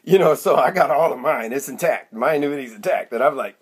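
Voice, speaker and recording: A man's voice: on the high side, animated, a little fast, husky. A man in his sixties telling a rambling comic monologue to camera, chatty and self-mocking, drifting off into side stories. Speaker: comedic vlogger.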